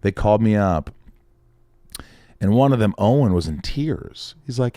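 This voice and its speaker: A man's voice: fairly low pitch, moderate pace, pauses often, no echo. A man on a podcast, telling a story in a casual chat and acting out the other people's lines. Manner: animated storyteller, acts out quoted voices, swears casually. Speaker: podcast guest, actor.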